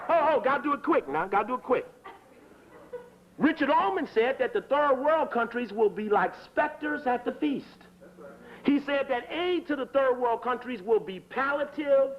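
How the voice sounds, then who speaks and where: A man giving a fiery political lecture in a hurried, emphatic, profane way, repeating his phrases. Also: very high-pitched, a bit bright. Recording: dull lo-fi tape recording.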